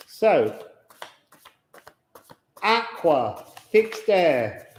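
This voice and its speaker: Slow, musing man in an echoey room. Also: on the high side, a little mellow, slight background noise. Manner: slow, musing and drawn-out, with chatty asides. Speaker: tarot and astrology reader. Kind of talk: unscripted card reading to viewers.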